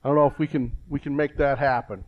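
An older man preaching a folksy, rambling sermon with a joke, pausing and restarting often. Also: medium pitch, steady tone, dull audio. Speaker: pastor.

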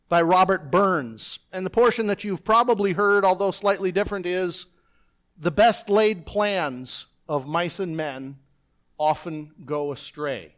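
High, a bit bright, and slow, the pastor's voice carries a sermon delivered while seated at the pulpit. He opens with self-deprecating anecdotes and casual asides.

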